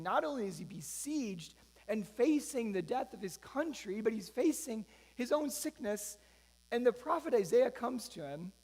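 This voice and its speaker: A man preaching a sermon, retelling a scripture story in a loose, conversational way with frequent asides. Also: high voice. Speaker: pastor. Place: church sanctuary. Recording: long reverb of a church hall.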